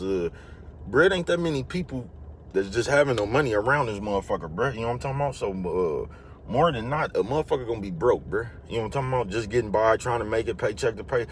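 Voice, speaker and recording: A man's voice: fairly low pitch, slight background noise. A man vlogging a casual motivational monologue, rambling and slangy, and he keeps repeating his catchphrases.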